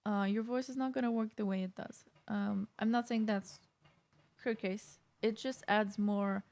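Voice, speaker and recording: A woman's voice: medium pitch, darkish tone. Woman vocal coach reacting casually. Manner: explanatory, loose and conversational with frequent restarts.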